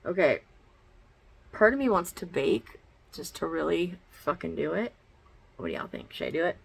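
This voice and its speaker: A woman's voice: fairly low pitch, very animated, moderate pace, creaky, husky, low-quality recording. A woman chatting bluntly in a casual makeup vlog at home, swearing freely as she talks through each step. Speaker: beauty vlogger. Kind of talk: casual get-ready-with-me chat. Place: her bedroom at home.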